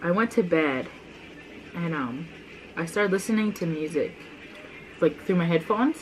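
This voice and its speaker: The audio is poor, with a little hiss or hum, as an older-sister vlogger chats through childhood stories with her sister. She speaks unhurriedly in a lowish voice with lively intonation, chatty, full of "like," and quick to laugh.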